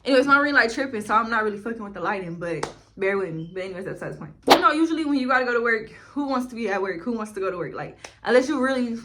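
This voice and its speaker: A woman's voice: fairly high pitch, lively intonation, racing, noisy background. A young woman, telling a casual, profane storytime to camera at home. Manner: chatty, profane, slangy. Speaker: vlogger. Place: home, in front of a ring light.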